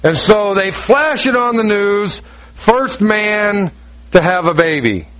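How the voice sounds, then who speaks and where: A man's voice: high voice, expressive, slow, a bit bright. A man preaching a sermon in a conversational, storytelling way with emphatic points.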